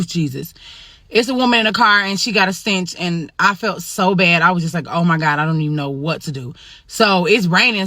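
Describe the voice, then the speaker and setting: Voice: medium pitch, no echo, studio quality. Exasperated rideshare driver. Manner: animated, profane, exasperated storytelling. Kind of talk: storytime monologue.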